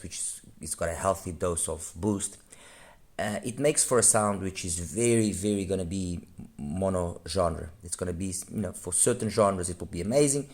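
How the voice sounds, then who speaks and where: Gravelly low-voiced man reviewing gear. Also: a little mellow. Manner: rambling, self-correcting, frank. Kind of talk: unscripted review monologue.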